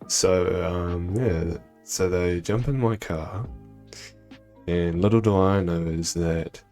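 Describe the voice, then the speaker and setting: A young man with a low voice tells a rambling storytime tale. He swears often and leans on ums and likes. Faint music plays behind him. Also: a little mellow. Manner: rambling, heavy swearing and fillers. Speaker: vlogger. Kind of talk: casual storytime.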